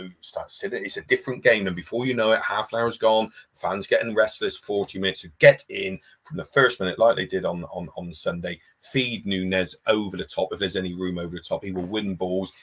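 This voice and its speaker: A man's voice: deep voice, fairly bright tone, slightly rough. A man who supports Liverpool, joining a casual football chat and talking in a rambling, hesitant way. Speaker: guest, Liverpool fan.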